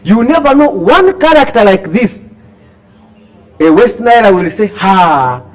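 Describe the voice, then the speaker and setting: A man with a Ugandan English accent, a scriptwriter giving a lively talk to an audience, asking them questions and acting out bits of dialogue. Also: very high voice, a little slow. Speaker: scriptwriter and workshop speaker.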